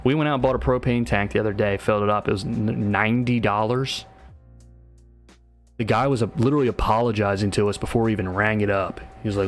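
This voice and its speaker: A man's voice: on the low side, fairly even intonation, quick pace, faint music behind. A man giving live market commentary on a livestream, talking in a casual, slangy way and often tossing in "right?".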